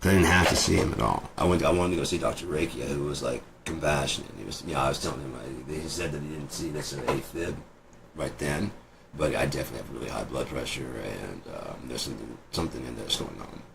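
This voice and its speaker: A man's voice: rumbling low, quick pace, creaky, heavy background noise. A man in his twenties on a rambling vlog monologue, swearing and jumping from one tangent to the next. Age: 20s. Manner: rambling, profane, jumps between tangents. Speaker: vlogger.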